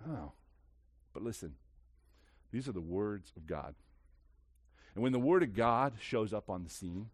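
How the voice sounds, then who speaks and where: A man preaching a sermon as pastor, swinging from hushed lines to shouts and acting out voices. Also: mid-range voice, no room sound, studio quality.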